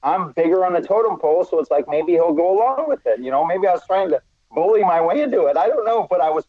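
A man's voice: sits high, expressive, quick pace. A man in casual chat as a podcast guest, blunt and profane, talking in a laid-back way. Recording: dull lo-fi sound.

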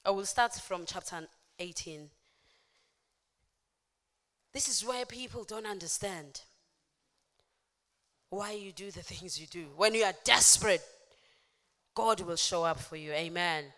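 A woman preacher giving an impassioned sermon, moving from soft speech to shouting, with call-and-response. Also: on the low side, measured pace, pauses often. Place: church hall. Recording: echoey church hall.

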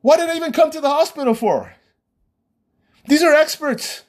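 A man's voice: very high voice, normal speed. A man talking as a podcast host in an exasperated, argumentative rant that keeps repeating itself. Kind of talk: ranting monologue.

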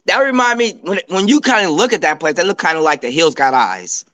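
A man's voice: high-pitched, lively intonation, fairly quick, pushed and bright. A man co-hosting a casual podcast, stammering and repeating his openers as he jumps in with jokes. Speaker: podcast co-host. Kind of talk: casual comedic chat.

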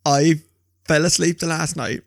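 A man, co-hosting a podcast and telling animated, swear-laden stories in casual chat. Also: fairly high pitch, measured pace, gravelly, no echo, clean studio sound. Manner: animated storyteller, swears a lot. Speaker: podcast co-host.

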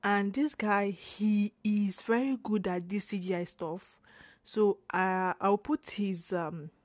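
A young woman with a strong Nigerian accent hosts her own podcast, talking in a loose, animated way and dropping into Pidgin now and then. Her voice sits at a middle pitch. The recording is dry and close, with no room sound. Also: takes it slowly, no room sound. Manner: animated, laughing, frequent restarts and Pidgin asides. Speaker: podcast host. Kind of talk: casual solo podcast rant.

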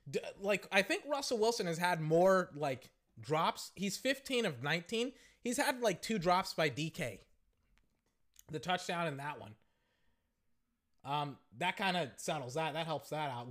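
A young man hosts a casual podcast and calls the game play by play, his voice high and bright. He reacts with slangy excitement at the big plays. His voice is wearing hoarse. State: voice going hoarse. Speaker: podcast host.

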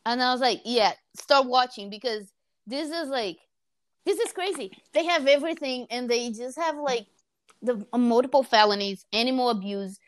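A woman's voice: on the high side, moderate pace, no room sound, studio quality. A woman in casual chat, telling a story with lots of laughter and acted-out quotes. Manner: animated storytelling, laughing often, acting out quotes.

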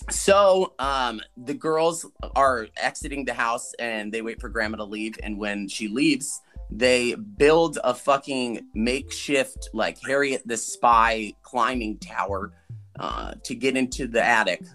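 Man, podcast co-host, casual movie recap, jokey and profane, acts out quotes, middle-pitched, bright tone. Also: slow pace, faint music behind. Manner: jokey, swearing, acts out characters' lines.

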